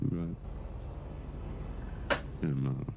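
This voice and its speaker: A man's voice: a bass voice, fairly even intonation, extremely slow, gravelly, highs cut off, noisy background, exaggerated voice. A man playing a blind young man stuck in prison who rambles and stammers defensively in casual role-play chat. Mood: resigned. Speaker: game character.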